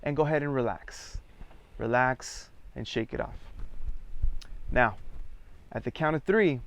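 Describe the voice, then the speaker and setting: A man leading a theatre workshop, giving calm, measured guided instructions and counting participants into each exercise. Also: mid-range voice, vocal fry. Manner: calm, measured, counts students in and prompts them.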